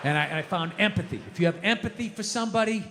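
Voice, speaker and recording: A male stand-up comedian ranting and swearing, swinging from low muttering to shouting. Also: fast talker. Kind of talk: stand-up routine. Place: comedy club stage. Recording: noisy stage recording with long reverb.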